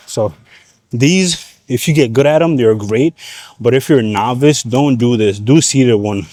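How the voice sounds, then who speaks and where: A young man explaining leg exercises in a gym, in relaxed slangy talk, at times out of breath. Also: medium pitch, dry recording. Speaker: fitness vlogger. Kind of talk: casual gym coaching vlog.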